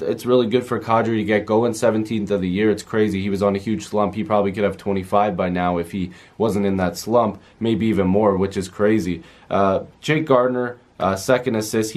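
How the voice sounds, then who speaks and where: Guy rambling thru a hockey recap, kinda low voice, lots of ums. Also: a little mellow. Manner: chatty, rambling, filler-heavy. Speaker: hockey fan video host. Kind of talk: casual game recap.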